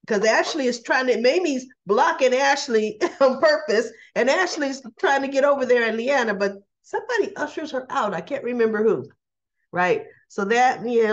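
A woman hosting a casual soap opera recap, chatty and quick to act out the characters' lines with little laughs. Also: fairly high pitch, highs cut off. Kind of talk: casual chat.

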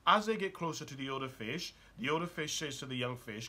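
A man gives a motivational talk in a bright, slightly husky voice. His pitch swings widely as he presses the listener with one probing question after another. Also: expressive, brisk. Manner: urgent and probing, fires rhetorical questions at the listener. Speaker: motivational speaker and author.

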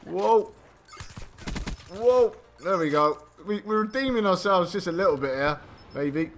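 A young man talks through his gameplay live, his voice bright and edgy, pitched a touch high. He gets worked up fast, swears freely and pokes fun at his own mistakes. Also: slight background noise. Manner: excitable, swears often, mocks his own play. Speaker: gaming channel host.

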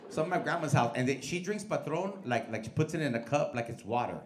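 A man doing a stand-up set in a comedy club, telling stories loudly and profanely with lots of crowd work and put-on voices. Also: on the high side, quick pace, hardly any pauses. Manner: loud, profane, animated storytelling with put-on voices. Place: comedy club stage with live audience. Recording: live club recording with crowd noise.

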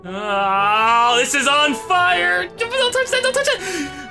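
A man with a very high voice narrates his own gameplay in an excitable, mock-serious way, full of crude jokes. Music plays clearly behind him. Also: slow, hardly any pauses. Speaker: gaming commentator. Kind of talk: comedic gameplay commentary. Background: background music.

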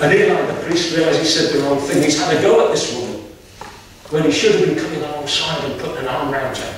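A man's voice: a little high, fast talker. A man preaching a sermon in a chatty, folksy storytelling way with homely asides. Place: church hall. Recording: echoey hall, mic at distance, faint noise.

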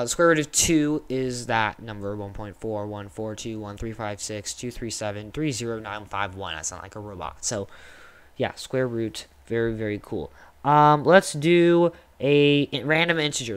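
Young male tutor, mid-pitch, loose and chatty, corrects himself on the fly. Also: fairly bright tone. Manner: casual, thinking aloud with fillers and self-corrections. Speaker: teacher. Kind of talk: screen-recorded coding lesson.

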